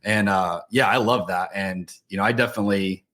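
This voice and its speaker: A man's voice: fairly low pitch, fairly even intonation, brisk, a bit bright. A man hosting a podcast, a pastor who speaks in a reflective, conversational way with hesitant restarts.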